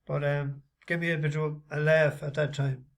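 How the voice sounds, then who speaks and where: A man talks through his racing tips in a loose, casual vlog. He rambles and stops often to fill gaps with halting ums and uhs. His voice sits a little higher than most men's. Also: flat delivery, gravelly. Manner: rambling, halting, many fillers. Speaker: horse racing tipster.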